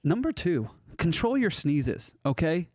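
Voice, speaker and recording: A man co-hosting a podcast, ranting through his list in an animated, jokey way. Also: on the high side, a little slow. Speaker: podcast co-host. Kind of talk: casual podcast chat.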